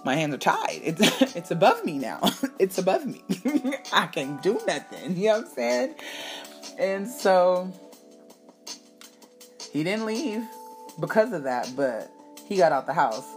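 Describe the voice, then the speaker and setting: A woman hosting her own show, telling a personal story in a candid, animated way, swearing freely and acting out what people said. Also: low voice. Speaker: podcast host. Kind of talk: casual storytelling monologue.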